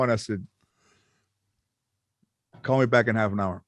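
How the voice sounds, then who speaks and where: A middle-aged comedian in casual podcast chat, telling an anecdote with acted-out quotes and plenty of swearing. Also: male voice, fairly low pitch, unhurried, no echo, clean studio sound. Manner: animated storyteller, acts out quotes, swears freely. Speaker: comedian guest.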